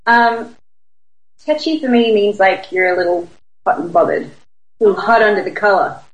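A woman's voice: mid-range voice, normal speed, lo-fi sound. A young Australian woman co-hosting a podcast from home, talking in a laid-back, giggly, joking way. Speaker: podcast co-host. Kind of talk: casual chat. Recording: roomy echo.

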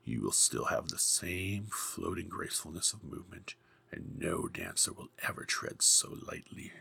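A man voicing a scheming old female sea witch in a hoarse, menacing whisper. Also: low-pitched, sing-song, moderate pace, pushed and bright, heavily acted. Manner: sly, menacing.

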